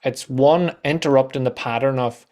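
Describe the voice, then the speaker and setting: A man, a guest on a podcast, telling animated stories and acting out quoted voices, with casual swearing. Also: medium pitch, normal speed. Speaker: guest, content coach.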